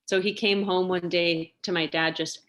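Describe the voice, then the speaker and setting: A chatty young woman with a fairly low voice, talking as a guest in a relaxed interview. She tells her stories with lots of fillers and laughs often along the way. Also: moderate pace. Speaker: interview guest, singer and lawyer. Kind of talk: casual storytelling interview.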